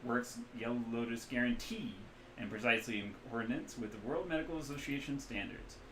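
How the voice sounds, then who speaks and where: A man voicing a cheerful, hungover, middle-aged male back-alley doctor with a loud, folksy Midwestern accent and a boastful manner, in a roomy-sounding room. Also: medium pitch, a little fast, a little hiss or hum, close to an everyday voice. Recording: roomy echo.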